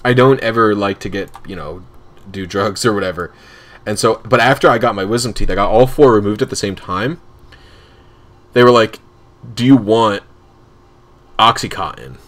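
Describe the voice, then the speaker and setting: A man's voice: on the low side, moderate pace, long pauses, a bit bright. A man casually telling rambling, laughing anecdotes while streaming a game. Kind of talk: casual storytelling on a live stream.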